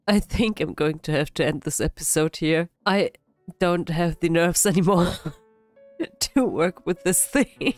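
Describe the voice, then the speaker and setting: A woman with a sick, hoarse voice, giving casual, self-deprecating commentary while playing a building game. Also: fairly low pitch, no echo. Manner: self-deprecating, frequent laughs. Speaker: gaming channel host. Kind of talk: casual let's-play commentary.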